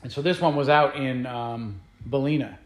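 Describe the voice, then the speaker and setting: A man's voice: medium pitch, normal speed, echoey room, a little hiss or hum. A man who is a guest musician, telling stories in a casual interview, rambling along with many fillers and restarts.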